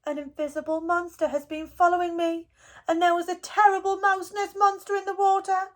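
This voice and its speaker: A woman doing a squeaky, timid little boy mouse. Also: little pitch movement, brisk. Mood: frightened. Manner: breathless and anxious.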